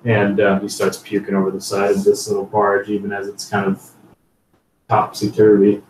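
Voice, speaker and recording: A man's voice: lowish voice, monotone, normal speed. A man narrating as game master of a tabletop game, rambling with many fillers. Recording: roomy, distant mic, faint noise.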